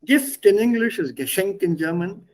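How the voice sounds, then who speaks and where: A man teaching a language lesson online, explaining word pairs patiently with pauses. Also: sits high, expressive, darkish tone, low-quality recording.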